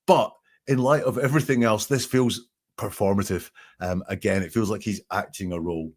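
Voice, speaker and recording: A man's voice: lowish voice, fairly even intonation, moderate pace. A man hosting a live podcast, thinking aloud with frequent ums as he analyzes quoted statements step by step. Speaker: podcast host analyzing language.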